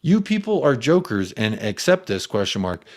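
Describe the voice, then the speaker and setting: A young American man hosting a football fan live stream at a medium pitch. He reads viewers' comments aloud and shouts them out one by one, with an animated, chatty energy. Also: moderate pace. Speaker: fan channel host. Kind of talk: live-stream chat reading.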